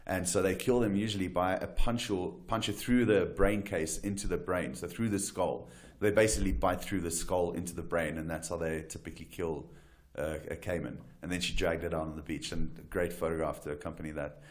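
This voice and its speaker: Man from south africa, low-pitched voice, animated storyteller, guest on a talk show, lots of "right?" and restarts. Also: a little fast. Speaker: wildlife guide and photographer, guest. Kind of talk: casual storytelling interview.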